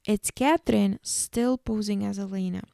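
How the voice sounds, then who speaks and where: Female podcast host, casual chatty recapper, warm low-lit tone, dry booth. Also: normal speed, vocal fry, no room sound. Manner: chatty, peppered with fillers.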